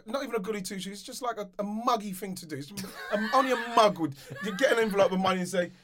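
A man's voice: sits high, rapid-fire, crowd noise. A middle-aged man, chatting on a podcast and telling stories with lots of repeats and laughter. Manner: animated, laughing, repeats himself when storytelling. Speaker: podcast co-host, former footballer. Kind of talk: casual chat.

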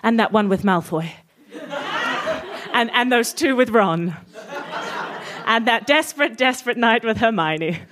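A woman with a high voice reads a comic fan fiction aloud. She is cheeky and laughs her way through the lines. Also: expressive, a little slow, long pauses, crowd noise, background noise.

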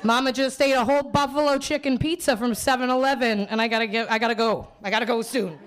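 Woman, young adult, from Winnipeg, high voice, stand-up comedian, rambling, self-mocking, live theater set. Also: steady tone, fast talker. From Canada, Winnipeg. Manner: rambling, self-mocking, laughing through lines. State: hungover. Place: small theater stage with live audience.

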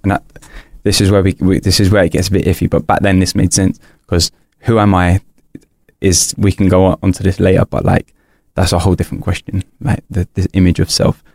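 Deep gravelly young man. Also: level tone, fairly quick, darkish tone, no room sound, studio quality. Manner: earnest, rambling, frequent restarts and "like" fillers. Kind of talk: candid personal storytelling.

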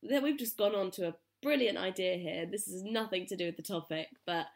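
A young woman co-hosting a podcast, animated and exclamatory as she tells stories. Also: medium pitch, fairly quick, creaky. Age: young adult. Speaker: podcast co-host. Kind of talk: casual chat.

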